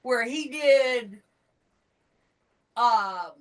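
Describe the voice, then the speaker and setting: A woman's voice: on the high side, expressive, very slow, recorded from a distance, poor audio. A woman in casual conversation, telling stories frankly and emphatically. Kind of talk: casual chat. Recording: voice set back from the mic.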